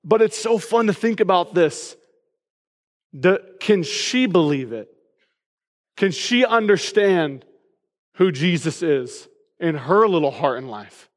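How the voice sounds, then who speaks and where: A man preaching a lively sermon with a fairly high voice that carries through a big hall with a long echo. He tells family stories and bursts into excited shouts now and then. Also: takes it slowly, long pauses. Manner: animated storytelling, sudden excited shouts. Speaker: pastor. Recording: long reverb of a large hall.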